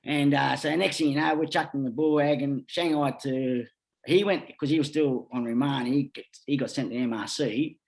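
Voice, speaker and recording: With medium pitch, normal speed, and noticeable vocal fry, a middle-aged Australian man chats as a podcast guest. He tells wandering, lively stories and swears incessantly.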